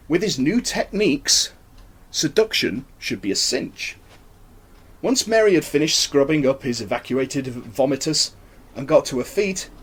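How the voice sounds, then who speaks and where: A man reading his own horror-comedy story aloud in an expressive, wry manner. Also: a little high, husky.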